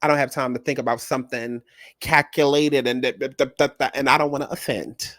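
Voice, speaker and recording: A man's voice: mid-range voice, fairly even intonation, a little fast, a bit bright, no echo. Brash, profane man doing reaction commentary. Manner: blunt, profane, sassy and emphatic. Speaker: commentary channel host.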